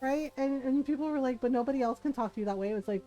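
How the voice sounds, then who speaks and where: A woman's voice: high voice, rapid-fire, mellow, low-quality recording. A middle-aged woman streamer in casual chat, telling a story with frequent laughter. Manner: chatty storytelling, laughs often.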